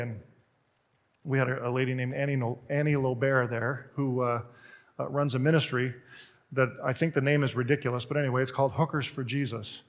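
A male pastor preaching a sermon in a conversational, animated storytelling way, retelling scripture and personal anecdotes. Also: mid-range voice, in a large hall.

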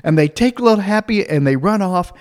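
A man telling a comic personal anecdote, animated, acting out the other people's voices and laughing as he goes. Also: high voice, brisk. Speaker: storyteller.

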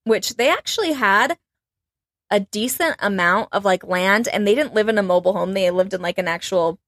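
A woman's voice: medium pitch, normal speed, fairly bright tone, dry recording. A woman telling a true-crime story to a co-host in loose, chatty podcast talk, full of "like" and half-finished phrases. Her voice sits mid-range and sounds dry and close to the mic, with no room around it. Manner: chatty, lots of "like" and trailing phrases.

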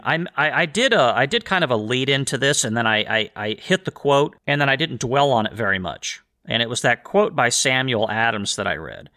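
A man's voice: medium pitch, bright, forceful tone. A man hosting a solo podcast, talking in an impassioned, rambling way and often restarting his sentences. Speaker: podcast host.

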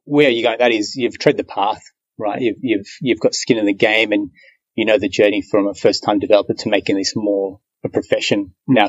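A man's voice: on the low side, slightly rough, lo-fi sound. A man with an Australian accent hosting an interview podcast, chatty and matey, with frequent fillers. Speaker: podcast host. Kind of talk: casual interview chat.

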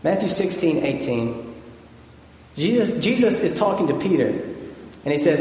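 Earnest pastor preaching in an echoey hall. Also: male voice, a little high, sing-song, a little slow, long pauses, a little mellow. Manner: earnest, building repetition. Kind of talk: sermon. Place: church sanctuary.

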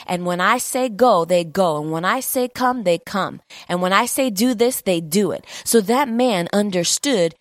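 A woman preaching a fervent, conversational sermon, repeating key lines for emphasis and often pausing on fillers. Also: mid-range voice, no echo, clean studio sound.

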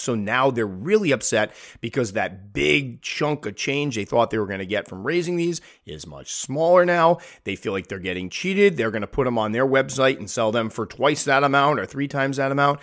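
A man's voice: mid-range voice, expressive, normal speed, fairly bright tone. A man hosting a hobby podcast, talking candidly and animatedly, acting out the people he quotes. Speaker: podcast host. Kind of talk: casual podcast monologue.

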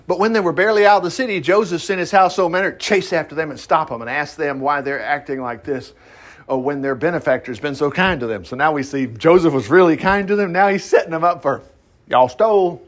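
A man's voice: on the high side, fast. A man reading a Bible story aloud as a teacher, breaking off for chatty, laughing asides. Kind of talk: reading scripture with commentary.

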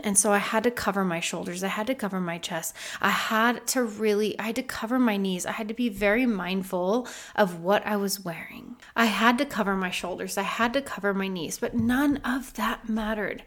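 Woman host, 30s, reflective personal storytelling, earnest and lively. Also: medium pitch. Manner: earnest, reflective, animated when retelling. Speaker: podcast host.

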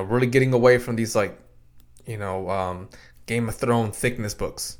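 A man's voice: mid-range voice, fairly even intonation, normal speed. A man in his thirties or forties hosting a casual solo podcast from a home studio, talking through advice in a conversational way, often repeating words and acting out quoted exchanges. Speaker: podcast host and practice consultant. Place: home podcast room in a basement.

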